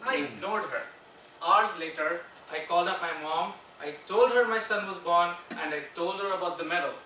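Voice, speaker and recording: A man delivering a persuasive contest speech, with dramatic pauses and rhetorical questions. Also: high voice, sharp tone. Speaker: contest speaker. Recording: echoey room, far mic, faint noise.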